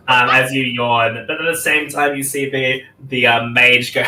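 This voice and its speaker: A man narrating a tabletop game as game master, animated and giggly, with many fillers. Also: mid-range voice, normal speed. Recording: roomy echo with faint music.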